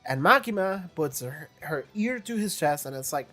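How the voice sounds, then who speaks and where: Rambling reaction host, lighter-pitched man, animated retelling, faint music under the voice. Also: moderate pace, few pauses. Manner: chatty, rambling, thinks aloud; animated storytelling, acts out quotes. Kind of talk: casual reaction commentary.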